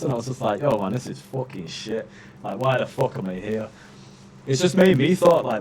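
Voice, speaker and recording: A man's voice: medium pitch, a little hiss or hum. Ranting man, swearing. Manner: swears a lot, ranting with many fillers. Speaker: streamer. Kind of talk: casual chat.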